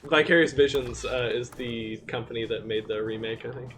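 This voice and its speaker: A man's voice: mid-range voice, steady tone, moderate pace, fairly bright tone, a little hiss or hum. Giggly guy streaming a game. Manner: giggly, laughs often. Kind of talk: casual gaming chat.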